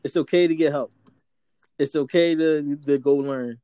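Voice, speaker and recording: A man's voice: on the high side, steady tone, moderate pace, dark tone, no echo. A man co-hosting a casual podcast chat, making earnest points and acting out quoted people as he talks. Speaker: podcast co-host.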